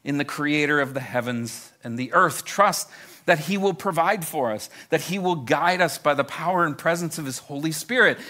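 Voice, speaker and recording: A man preaching a sermon with a bright, ringing tone and a pitch that swings widely up and down. He speaks to a live congregation in a conversational way and often doubles words as he starts a new thought. His voice sits a little above the usual male range. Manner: addresses a live congregation directly. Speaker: pastor.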